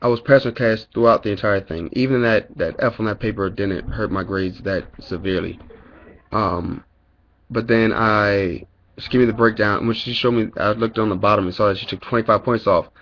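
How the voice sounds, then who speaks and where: A man's voice: fairly low pitch, moderate pace, a bit bright, lo-fi sound, a little hiss or hum. A young man telling a long, angry story about college in a casual vlog, swearing a lot and rambling with fillers. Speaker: college student vlogger.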